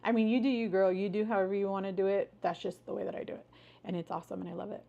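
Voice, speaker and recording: A woman's voice: mid-range voice, level tone, racing, vocal fry, dark tone, highs cut off. A woman hosting a casual live stream, chatting with viewers in an upbeat, friendly way, greeting them by name and cheering them on. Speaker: livestream host.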